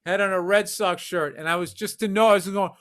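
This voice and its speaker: A man co-hosting a podcast, telling animated, profane stories in casual chat. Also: high voice, brisk. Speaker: podcast co-host.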